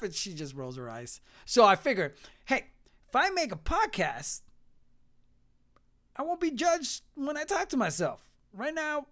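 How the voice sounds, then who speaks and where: A man's voice: very high-pitched, huge pitch swings, a little slow, long pauses, a bit bright. A man hosting his own podcast alone at a mic, chatting in a rambling, self-mocking way full of jokey asides. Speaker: podcast host. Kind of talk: solo podcast chat. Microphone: studio mic.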